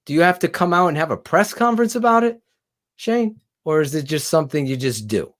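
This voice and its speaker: Excitable man ranting about football. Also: a little high, a little fast. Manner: excitable, swearing, voice rising when heated. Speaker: co-host. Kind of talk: casual sports talk show.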